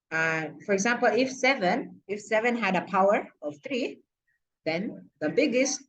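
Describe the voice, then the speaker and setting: Poor audio captures a young woman with a medium-pitched voice walking through math in a casual screen recording. She's a student explaining the lesson, playful and talkative, checking in with the viewer often and peppering it with okays and side comments.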